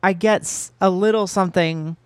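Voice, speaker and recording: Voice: mid-range voice, fairly even intonation, normal speed, clear, resonant tone, no echo. A podcast co-host in casual chat, recapping a film in a rambling way and laughing now and then.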